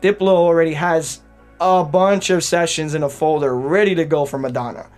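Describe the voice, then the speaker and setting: A man's voice: fairly high pitch, normal speed, darkish tone, faint music behind. A man co-hosting a podcast, talking in a rambling casual way with lots of restarts and "right?" tags. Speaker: podcast co-host, DJ producer. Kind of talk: casual chat.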